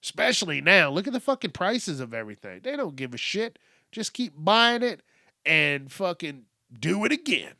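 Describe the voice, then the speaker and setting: A man's voice: sits high, sing-song, normal speed, sharp tone, dry recording, clean studio sound. A man hosting his own podcast, rambling casually and profanely, amused at himself. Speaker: podcast host. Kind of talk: casual solo rant.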